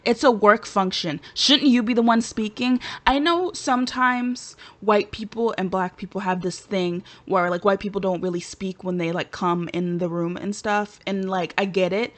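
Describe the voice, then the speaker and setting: A woman's voice: mid-range voice, moderate pace, few pauses. A woman vlogger chatting casually and with sass to her viewers, giving her opinions straight to camera. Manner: animated, sassy, talks straight to viewers. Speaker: vlogger reviewing a reality show.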